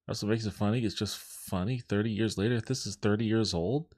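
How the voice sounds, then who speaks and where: A man's voice: fairly low pitch, fairly quick, darkish tone, no room sound, clean studio sound. A man hosting a podcast, reacting to a comedy clip in a baffled, exasperated way with frequent swearing. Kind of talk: reaction commentary.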